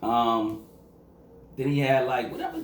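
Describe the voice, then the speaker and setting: A man's voice: medium pitch, steady tone, measured pace, a little hiss or hum. A young man from Massachusetts reviewing an album in a casual, rambling vlog, full of slang and filler phrases. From Quincy, Massachusetts. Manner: rambling, slangy, full of fillers and "you know what I'm saying". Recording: echoey room.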